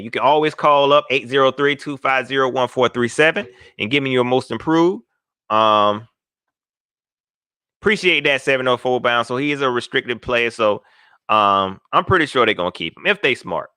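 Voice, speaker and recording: A male host on a live sports call-in show, talking loosely in slang and joking through listener comments. His voice is bright and lively, with big swings in pitch. The sound is close and dry, with no room around it. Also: normal speed, clean tone, no room sound. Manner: animated, slangy, jokey, reads viewer comments aloud.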